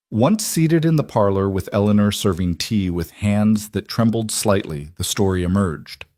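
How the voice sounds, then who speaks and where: A man narrates a frontier tale in calm, measured scripted storytelling. His voice is low and even. The recording is dry and close, with no room sound. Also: no echo.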